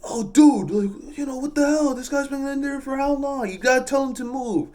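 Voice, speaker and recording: A man voicing an impatient, complaining male trucker in a high, whiny, shouting voice. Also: moderate pace. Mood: indignant. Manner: demanding, indignant.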